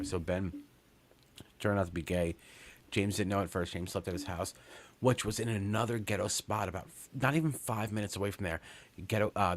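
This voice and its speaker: Man, low voice, forties, from Long Island, rambling, swearing, casual podcast storytelling. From Long Island, New York. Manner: rambling, profane, many fillers and restarts. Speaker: podcast co-host.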